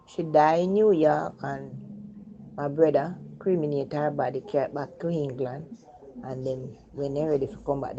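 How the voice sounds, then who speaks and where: Older jamaican lady telling her story in patois, deep low voice, kinda muffled lo-fi sound. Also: creaky, background noise. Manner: Jamaican Patois speech, reflective, voice drops low and soft when remembering the dead. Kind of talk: personal storytelling. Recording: dull lo-fi recording.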